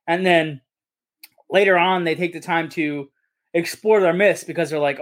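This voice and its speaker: In this casual movie discussion, a male podcast co-host speaks at a normal speed in a voice on the high side with a fairly bright tone. He rambles enthusiastically about the film and often corrects himself.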